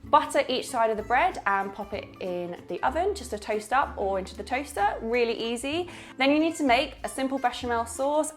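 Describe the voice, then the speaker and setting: A young woman hosting a casual cooking tutorial from her small home kitchen, chatty and upbeat as she explains each step. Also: fairly high pitch. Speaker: cooking channel host.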